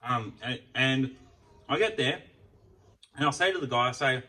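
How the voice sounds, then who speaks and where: Here the food vlogger's mid-range voice is bright and forceful at a moderate pace as he eats and chats loosely, rambling and swearing freely. The recording is rough, with a distant mic and slight background noise.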